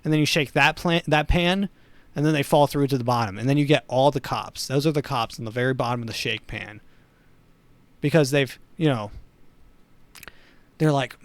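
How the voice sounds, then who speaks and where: A man hosting a comedy podcast, delivering a rambling, sardonic monologue full of dark humor. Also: medium pitch, moderate pace, no room sound. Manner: sardonic, rambling, dark humor, chuckles at his own jokes. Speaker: podcast host.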